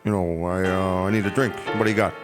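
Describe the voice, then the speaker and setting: A man's voice: sits low, steady tone, fast talker, music in the background, voice pushed down, close to an everyday voice. A man doing an impression of a famous American film actor, hesitant and placating.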